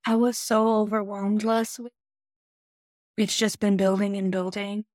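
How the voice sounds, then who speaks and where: Woman, confessional recovery talk, mid pitch, dry close mic. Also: level tone, unhurried, darkish tone, dry recording. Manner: open, confessional. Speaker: podcast participant. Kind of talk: candid recovery chat.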